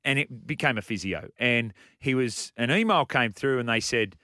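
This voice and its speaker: A man's voice: medium pitch, normal speed, bright, forceful tone, dry recording, studio quality. An Australian man hosting a breakfast radio show, chatting casually and reading out listener texts and phone numbers. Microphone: studio microphone.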